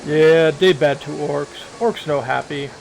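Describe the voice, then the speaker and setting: A man voicing a downtrodden male orc factory laborer who talks in loud, broken grunts. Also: on the high side, slow pace, creaky, slight background noise, poor audio. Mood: glum.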